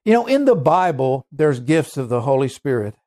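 A male preacher telling a testimony in a sermon, earnest and emphatic, slowing down to stress key points. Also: mid-range voice, big pitch swings, mellow. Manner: earnest, emphatic storyteller with shifting pace.

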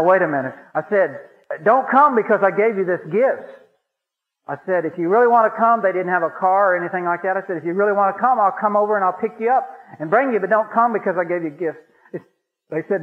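A man with a high voice tells a personal faith testimony in a folksy, repetitive manner. His telling builds in fervor. The sound is thin and tinny, like an old radio broadcast heard over a phone line. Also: fast. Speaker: lay Christian speaker giving a testimony.

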